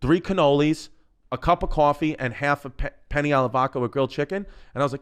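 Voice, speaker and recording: Animated New man telling stories. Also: a little high, fast talker, smooth. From New York. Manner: animated, profane, laughing. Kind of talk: podcast storytelling.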